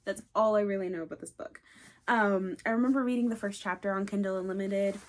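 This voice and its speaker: A woman talking casually in a book unboxing vlog, gushing with excitement and often dropping to a breathy whisper. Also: mid-range voice, fast talker, a little hiss or hum. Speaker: book vlogger.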